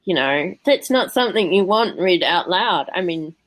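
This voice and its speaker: A woman's voice: lowish voice, lively intonation, moderate pace, no echo, poor audio. A woman with an English accent hosting a casual podcast panel chat, chatty and laughing often. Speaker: podcast host.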